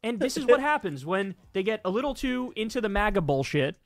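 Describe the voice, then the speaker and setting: A high-voiced man presses his side of a political argument, emphatic and sweary. The sound is dry and close. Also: sing-song, fairly quick, no echo. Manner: emphatic, profane. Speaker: debate participant.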